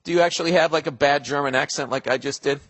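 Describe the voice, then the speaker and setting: A man's voice: a little high, fast talker, fairly bright tone, big-room sound. A man hosting a podcast, delivering a profane, digressive comedic monologue. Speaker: podcast host.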